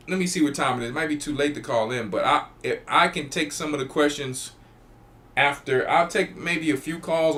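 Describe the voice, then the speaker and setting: A man's voice: a little high, sharp tone. A man, a church elder hosting a show, preaching emphatically and repeating phrases. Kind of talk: preaching talk to a live audience.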